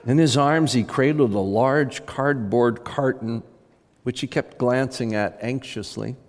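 A man's voice: medium pitch, unhurried. A male preacher telling an illustrative story during a sermon. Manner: animated storytelling. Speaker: pastor. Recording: reverberant church hall.

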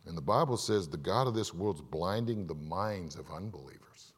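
Give me a man preaching with a lively, swooping delivery, questioning his listeners. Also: deep voice, moderate pace, breathy edge. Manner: animated, asks the congregation questions, acts out stories. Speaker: pastor. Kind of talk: sermon. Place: church. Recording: long reverb of a large hall.

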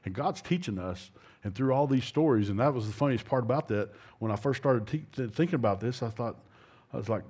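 A man's voice: mid-range voice, expressive, a little fast, a little mellow, husky. A middle-aged man preaching an informal, folksy sermon, rambling with restarts and asides.

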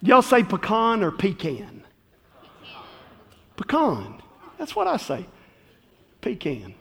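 Pastor guy preaching, folksy stories, gets loud, voice on the high side. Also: moderate pace, creaky, slightly rough. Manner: folksy, animated storytelling with rising shouts. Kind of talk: sermon. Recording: long hall reverb.

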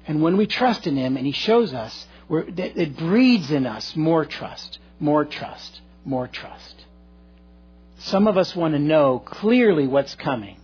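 A middle-aged male pastor preaching a sermon, telling a story earnestly and swinging between loud and hushed delivery. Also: on the high side, animated, slow, husky, faint music behind. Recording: dull lo-fi recording.

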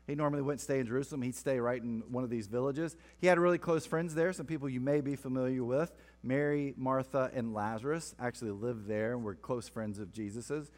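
A man's voice: mid-range voice, a little mellow. Man preaching in a reverberant hall. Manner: playful asides between scripture readings. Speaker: pastor. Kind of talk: sermon. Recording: long reverb of a large hall.

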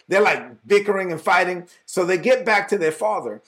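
A man preaching a casual Bible teaching, talking to listeners in a conversational, animated way and acting out the people in the story. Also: high-pitched, normal speed. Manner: conversational, animated, acts out dialogue.

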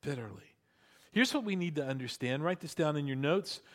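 A man preaching a sermon, telling stories with lively acted-out quotes and emphatic repetition. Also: a little high, a little fast. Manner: animated storytelling, acting out quotes. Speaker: pastor.

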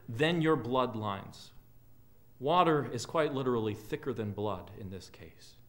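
Slow, earnest pastor, a man. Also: mid-range voice, lively intonation. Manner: earnest, with frequent drops to a quiet voice at phrase ends. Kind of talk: sermon. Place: church sanctuary.

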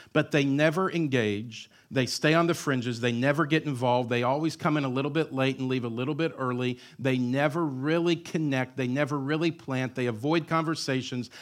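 A man's voice: medium pitch, fairly bright tone. A male pastor in his thirties preaching a sermon in a church, with emphatic repetition and joking asides.

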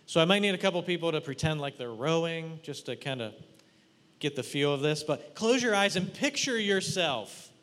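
This sermon uses guided imagery: the preacher asks his listeners to picture a scene and walks them through it. He is lively and playful, addressing the congregation directly with teasing and questions. His voice is a little high for a man and echoes with long reverb in a large hall.

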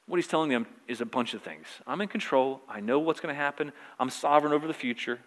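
A man's voice: mid-range voice, lively intonation, fast talker, fairly bright tone. A man preaching a conversational sermon, repeating phrases for emphasis. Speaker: pastor. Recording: reverberant hall.

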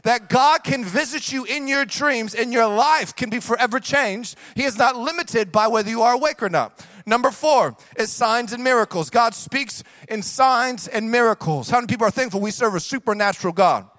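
A young adult man preaching a sermon as pastor, animated, moving from quick hushed asides to drawn-out shouted emphasis, with casual slang asides to the congregation. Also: very high voice, no room sound.

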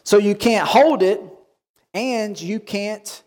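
A man pastor giving a lively sermon, acting out quoted voices and asking the congregation questions. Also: high voice, takes it slowly. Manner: animated preaching, acts out quoted voices.

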